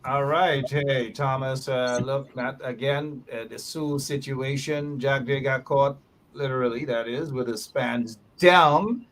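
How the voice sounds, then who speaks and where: A man's voice: medium pitch, fairly even intonation, slow, fairly bright tone, a little hiss or hum. A man hosting a political talk show, reading headlines aloud and repeating key phrases. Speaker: show host.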